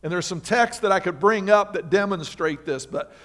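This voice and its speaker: A man's voice: high voice, moderate pace, a bit bright. A male pastor preaching a sermon in church, speaking emphatically and questioning the congregation directly. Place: church sanctuary.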